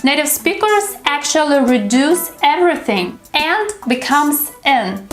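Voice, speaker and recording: Woman, high voice, teacher, patient pronunciation drills, roomy echo, light music behind. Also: lively intonation. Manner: slow, deliberate modeling of sounds. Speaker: English teacher. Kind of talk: scripted pronunciation lesson. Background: faint background music.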